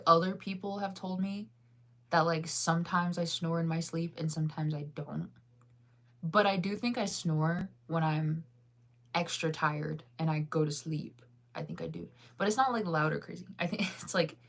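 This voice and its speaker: A tired woman in her thirties chatting casually as a vlogger, rambling and saying "like" a lot between yawns. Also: low-pitched. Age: 30s. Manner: rambling, heavy use of "like". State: tired and yawning. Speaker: vlogger reading live chat. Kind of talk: casual chat.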